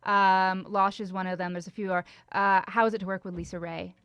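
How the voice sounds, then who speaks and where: A woman's voice: mid-range voice, level tone, fairly quick, clear, resonant tone, no room sound, lo-fi sound. A woman co-hosting a podcast, joking and teasing her guest. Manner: jokey, teasing. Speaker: podcast co-host. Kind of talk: casual interview chat. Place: podcast studio.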